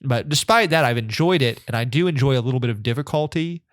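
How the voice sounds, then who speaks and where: A man's voice: medium pitch, fast, no room sound, clean studio sound. A man as a podcast guest in casual chat, rambling and self-deprecating, laughing often. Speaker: guest on a video game podcast.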